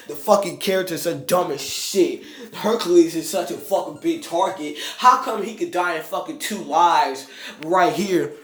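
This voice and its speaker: Slow-talking game reviewer cussing nonstop at a bad game, roomy echoey sound. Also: medium pitch, a bit bright. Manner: profane, exasperated ranting with outbursts. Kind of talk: ranting gameplay commentary.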